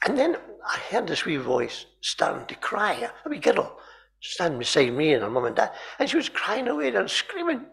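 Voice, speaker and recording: In a chapel, a man preaches a sermon, telling stories animatedly while often repeating words and clearing his throat. His voice sits high and a bit bright, swinging hugely in pitch, at a moderate pace.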